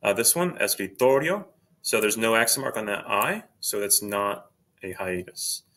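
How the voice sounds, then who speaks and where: A man with a lowish, bright voice walks through a screen-recorded grammar lesson. He explains in a steady, patient way and says each example word twice, slowly and clearly. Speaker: Spanish teacher.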